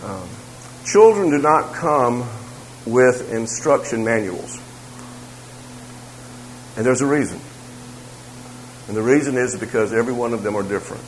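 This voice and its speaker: Man, Bible class teacher, mid-pitched voice, conversational, repeats phrases, faint hum behind. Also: lively intonation, measured pace, pauses often, low-quality recording.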